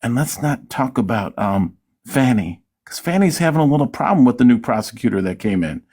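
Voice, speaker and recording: A man's voice: medium pitch, expressive, a little fast, warm tone, breathy edge. A man hosting his own vlog, mocking and taunting his targets in loose political commentary. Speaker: vlogger.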